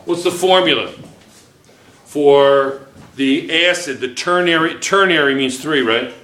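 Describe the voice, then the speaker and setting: Slow, echoey classroom teacher, heard from afar. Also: male voice, fairly high pitch, fairly bright tone. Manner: checks in constantly with "okay?", restarts and self-corrects. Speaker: chemistry teacher. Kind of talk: classroom lecture at a whiteboard. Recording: echoey classroom, recorded from a distance.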